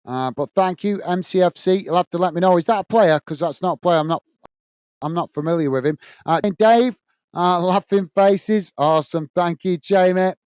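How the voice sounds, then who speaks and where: A man hosts a casual live stream and reads viewer comments aloud, with lots of friendly uhs. His voice sits high and comes across smooth and clean. The sound is dry and close. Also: moderate pace, darkish tone, dry recording. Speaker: host reading live chat.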